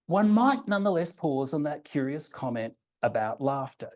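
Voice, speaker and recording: A man presenting a prepared academic seminar paper, reading it in a measured way and slowing down deliberately for quoted examples. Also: fairly high pitch, sing-song, darkish tone. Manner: measured, reads quotations slowly and deliberately.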